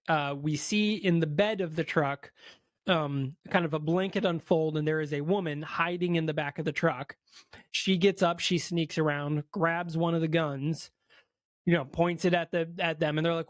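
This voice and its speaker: In a dry, studio-quality recording, a man co-hosting a podcast retells a movie's story at a moderate pace. His voice is fairly high with fairly even intonation, and he performs the characters' lines amid plenty of fillers.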